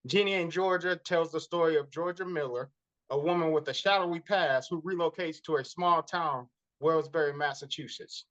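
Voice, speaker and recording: A man co-hosting a casual movie podcast, animated and often laughing. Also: a little high, moderate pace. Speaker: podcast co-host. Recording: dull lo-fi podcast audio.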